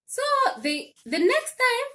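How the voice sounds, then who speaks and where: A woman hosting a casual livestream, telling an animated story with laughs and repeated phrases. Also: extremely high pitch, slow. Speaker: live stream host. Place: home in Sweden.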